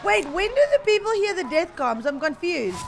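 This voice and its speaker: Lively high-voiced woman game streamer. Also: moderate pace, slight background noise. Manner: excitable, laughs often, talks to chat. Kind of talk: casual game-stream chat.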